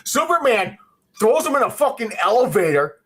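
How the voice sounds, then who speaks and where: Brief: male podcast co-host, angry comic rant, lively swooping pitch, swears constantly. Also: normal speed, slightly rough. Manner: profane, heated, animated ranting with laughs. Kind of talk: casual ranting movie recap. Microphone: home podcast mic.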